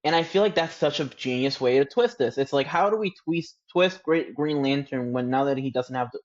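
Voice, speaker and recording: A man's voice: medium pitch, a little fast. A man co-hosts a podcast in an easy, reflective way, talking through his views at length. His voice sounds a bit dull and muffled, as if on a modest mic. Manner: thoughtful, steady, explains his opinions at length. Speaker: podcast co-host. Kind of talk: casual chat.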